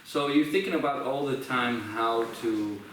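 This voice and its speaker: A young man with an Israeli accent, a musician talking in a reflective, halting way with many restarts. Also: medium pitch, a bit bright. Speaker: musician sharing his story. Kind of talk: casual conversation. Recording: echoey room, from far off, faint noise.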